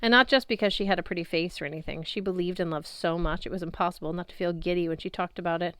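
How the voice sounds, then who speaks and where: A woman narrating a first-person story in a plain, even storytelling manner for an audiobook. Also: fairly low pitch, quick pace, smooth, no echo, studio quality.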